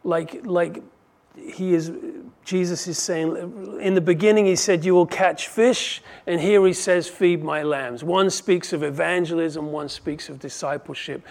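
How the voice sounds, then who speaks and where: A male pastor preaching with conviction, his voice pitched slightly above the usual male range. He builds to forceful peaks and then falls quiet to let key lines land. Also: fairly even intonation, a little slow, creaky. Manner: impassioned, rising and falling in volume for emphasis. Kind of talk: sermon.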